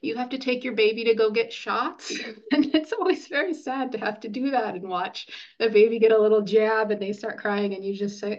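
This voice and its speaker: A woman's voice: on the high side, normal speed. Earnest woman nurse, lo-fi audio. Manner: earnest, animated, acts out parents' lines. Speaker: nurse and lactation consultant guest. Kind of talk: conversational interview.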